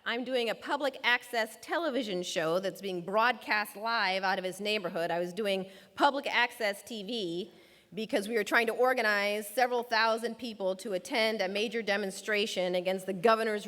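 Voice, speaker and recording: A woman's voice: fairly high pitch, a bit bright. A woman giving a prepared talk, telling a personal story and acting out the voices of the people in it. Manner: storytelling, acts out quoted voices. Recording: long reverb of a large hall.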